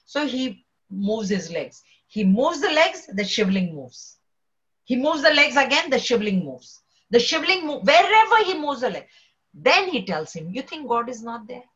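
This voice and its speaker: A woman, a spiritual teacher telling a devotional story in a lively way and acting out the characters' voices. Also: high-pitched, measured pace, muffled recording.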